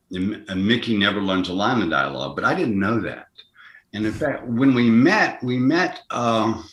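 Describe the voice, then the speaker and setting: An older man tells a long story as an interview guest. His voice sits lowish, and he stops and restarts often. He jumps up in pitch to act out the people he quotes, and the room around him is echoey. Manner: acts out quoted voices, jumping higher and louder; halting, with many restarts. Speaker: actor guest. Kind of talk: anecdotal storytelling. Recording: roomy echo.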